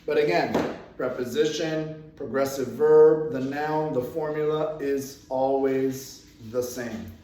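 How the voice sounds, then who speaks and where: A man teaching an English grammar lesson in a classroom, speaking slowly, repeating phrases and moving around as he explains. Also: medium pitch, steady tone, warm tone, far from the mic. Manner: slow, repeats phrases, moves around the room. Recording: echoey room, voice from away from the mic.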